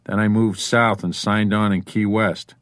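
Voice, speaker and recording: A seasoned male detective with a New York accent, played by a man reading an audiobook, answering under pressure with calm steadiness. The voice is low. The recording is dry and close, with no room sound. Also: unhurried, dry recording.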